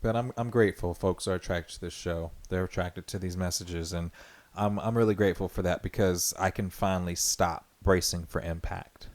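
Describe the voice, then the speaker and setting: A man's voice: low voice, fairly even intonation, normal speed, a little mellow. A man hosting his own podcast, talking earnestly and rambling in a reflective solo monologue, full of fillers and restarts. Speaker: podcast host.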